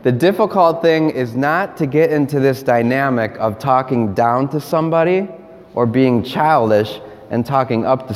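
A man's voice: mid-range voice, darkish tone. A man, a priest, giving a playful interactive homily, coaxing volunteers and laughing along. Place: large hall with audience. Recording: long hall reverb.

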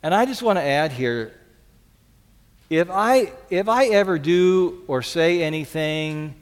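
A man preaching a sermon as a pastor, earnest, repeating key lines for emphasis and dropping to soft pleas. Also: on the high side, lively intonation, slow, clear, resonant tone, in a large hall.

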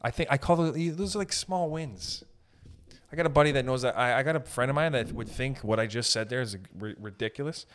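A man's voice: medium pitch, fairly quick, a little hiss or hum. A young man hosting a podcast, ranting casually with profanity and jokey asides. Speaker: podcast host. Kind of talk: casual comedic podcast rant.

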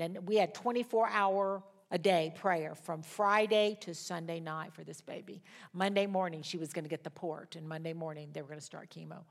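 Older woman telling stories in a lively sermon. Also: lowish voice. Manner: animated storyteller who acts out quoted voices; laughs while telling stories. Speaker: Bible study teacher. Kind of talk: sermon-style teaching with storytelling.

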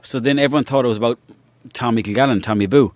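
An Irish man tells rambling anecdotes as a podcast guest, swearing freely and laughing along the way. His voice sits at a middle pitch, and the sound is dry and close. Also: fast talker, no room sound. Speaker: guest, actor and comedian. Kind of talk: casual anecdotal storytelling.

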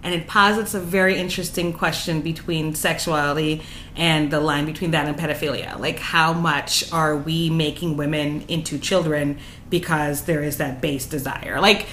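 A woman in her late twenties co-hosting a podcast, telling stories in an animated, profane way and laughing often. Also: sits low, normal speed, a little hiss or hum. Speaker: podcast co-host. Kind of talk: casual chat, storytelling.

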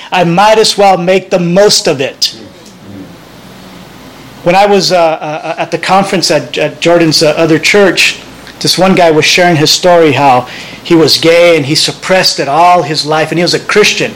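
A man's voice: sits high, fairly bright tone, rough recording. A man preaching a sermon as pastor, earnest and conversational, often restarting his phrases.

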